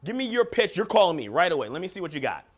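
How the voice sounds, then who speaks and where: A man giving an energetic, emphatic motivational talk as a coach at a live seminar. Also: high-pitched, very fast, a little hiss or hum. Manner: energetic, emphatic, acts out phone calls. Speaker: business coach and seminar speaker. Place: seminar room with live audience.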